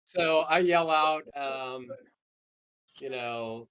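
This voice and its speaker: A man playing in a tabletop game, reacting with quick jokes. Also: mid-range voice, rough recording. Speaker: player. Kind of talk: casual game chat.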